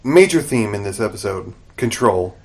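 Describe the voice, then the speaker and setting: A man's voice: on the low side, normal speed, creaky, husky. A man co-hosting a podcast, casually recapping a TV episode and acting out the characters' lines as he goes. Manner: animated retelling, acts out characters' lines. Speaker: podcast co-host.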